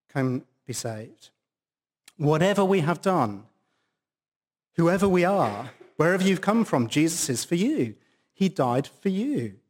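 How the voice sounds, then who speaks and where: Emphatic male preacher, lively pitch. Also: a little slow, long pauses. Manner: emphatic, stressing single words. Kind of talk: sermon. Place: church service with a baptism.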